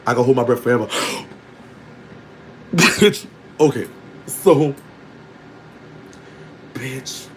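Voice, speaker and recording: A man in the middle of a long, candid story, speaking at an ordinary, mid-range pitch. His delivery is animated and unfiltered, and he laughs often as he talks. A faint noise sits under the recording. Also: slow, long pauses, low-quality recording. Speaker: storytelling vlogger. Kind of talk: casual storytelling to an online audience.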